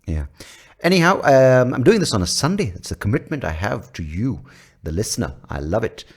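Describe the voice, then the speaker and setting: A man's voice: mid-range voice, sing-song, a little fast, slightly rough. A man with an Indian accent hosting a solo comedy podcast, rambling and crude and poking fun at himself, on a mic with a pop filter. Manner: rambling, crude, self-mocking. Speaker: podcast host. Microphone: studio mic with pop filter.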